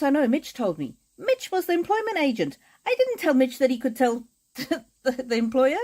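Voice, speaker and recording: Woman, live-stream card reader, warm mellow voice, gentle repetitive affirmations. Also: medium pitch, poor audio. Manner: frequent hesitations and restarts. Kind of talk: live-stream chat with viewers.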